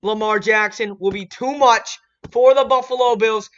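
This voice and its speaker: Young male sports vlogger, bright tense voice, hyped, bursts into shouts, dull lo-fi recording. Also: high voice, fairly even intonation, moderate pace, clear, resonant tone. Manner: hyped, swings from muttering to shouting. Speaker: sports channel host. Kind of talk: casual sports prediction vlog.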